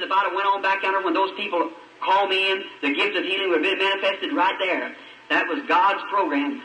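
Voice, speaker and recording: High, bright-voiced preacher, echoey recording. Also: male voice. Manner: dramatic storytelling preaching. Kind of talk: sermon. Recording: echoey old radio-style recording from a distance.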